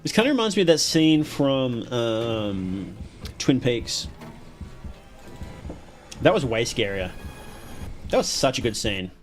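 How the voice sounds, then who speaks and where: A man's voice: mid-range voice, very animated, slow, pauses often, faint music behind. An Australian man streaming a horror game live, chatty and reactive, asking questions aloud as he plays. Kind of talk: live gameplay commentary.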